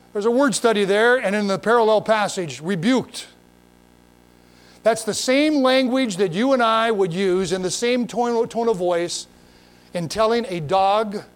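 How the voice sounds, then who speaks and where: A pastor preaching a sermon in a folksy, emphatic way, full of repeats and asides, reading scripture and talking straight to his listeners. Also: sits high.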